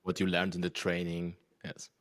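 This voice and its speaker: A man's voice: deep voice, completely flat delivery, normal speed, no room sound, studio quality. A man whose native language is German, hosting an interview and asking questions while searching for his words. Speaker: host.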